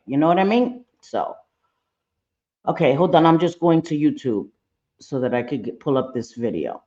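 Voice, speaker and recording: A woman's voice: deep voice, lively intonation, measured pace, warm tone, highs cut off. A woman doing a casual livestream reaction, blunt and profane, talking straight to her chat. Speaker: livestream commentator.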